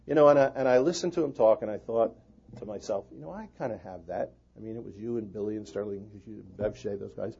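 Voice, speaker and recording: A pastor preaching an earnest sermon to fellow pastors. His delivery swings from loud emphasis to hushed prayer. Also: fairly low pitch, quick pace, creaky, highs cut off, a little hiss or hum.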